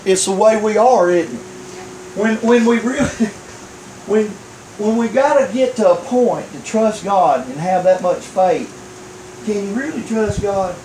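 A man's voice: sits high, a little mellow, slight background noise. A male pastor preaching a sermon, telling a story and acting out the voices, chuckling often. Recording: echoey room.

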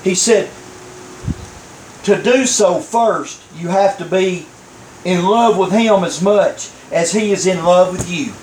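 High-voiced pastor in an echoey room. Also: male voice, slow, darkish tone, slight background noise. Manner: storytelling, acts out voices, chuckles often. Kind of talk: sermon.

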